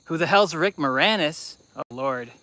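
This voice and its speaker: A man bantering in dry, deadpan quips on a hike, heard faint and distant from the mic. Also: a little high, moderate pace. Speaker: host's friend. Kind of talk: casual banter. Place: outdoors on a hike.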